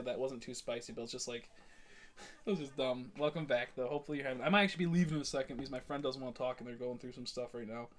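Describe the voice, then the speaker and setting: A young man streaming a game, chatting casually to viewers in a rambling, blunt way, full of fillers and restarts. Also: a little high. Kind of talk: casual live-stream chat.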